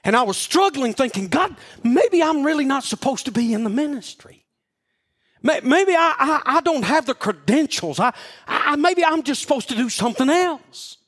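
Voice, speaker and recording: A man preaching a sermon, telling a personal story with animated, stammering restarts. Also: very high-pitched, moderate pace. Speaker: pastor.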